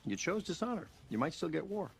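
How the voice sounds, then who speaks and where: Film clip: a cool, slightly high-voiced man with a quiet, dry put-down. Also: sing-song, brisk, vocal fry, husky, exaggerated voice. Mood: dry rebuke.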